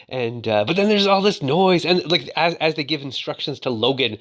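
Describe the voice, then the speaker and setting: A man's voice: on the high side, expressive, moderate pace, hardly any pauses, a bit bright. Rambling man retelling a movie. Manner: rambling, joking, many fillers. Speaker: narrator.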